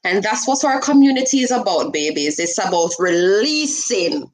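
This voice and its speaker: A woman hosting a live stream, giving animated, coaxing advice and slipping into patois. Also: medium pitch, normal speed, background noise. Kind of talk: casual live-stream chat.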